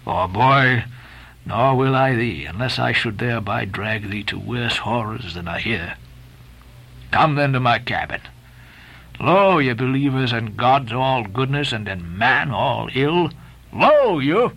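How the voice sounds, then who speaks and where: A man's voice: medium pitch, lively intonation, unhurried, creaky, a bit bright, slightly rough, pitched below the performer's own voice, exaggerated voice. A man voicing a stern, brooding old whaling captain who speaks in grand, commanding old-fashioned lines. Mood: hushed brooding.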